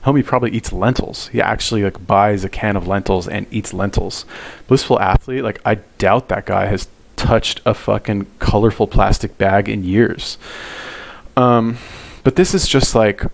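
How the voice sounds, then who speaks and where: A man's voice: fairly low pitch, normal speed, creaky. A man giving blunt, profane reaction commentary on a video clip. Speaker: commentary host.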